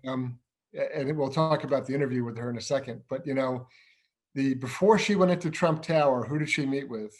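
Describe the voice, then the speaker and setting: A man's voice: medium pitch, fairly quick. A middle-aged man co-hosting a political discussion show, explaining in a firm way and posing rhetorical questions. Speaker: co-host, investigations director.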